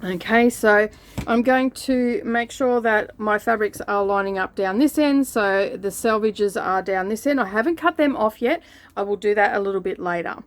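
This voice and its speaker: A woman hosting a sewing channel, giving relaxed, chatty step-by-step instructions. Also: mid-range voice, moderate pace. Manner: relaxed, chatty instructions with frequent "okay" and "all right". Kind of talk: step-by-step craft tutorial.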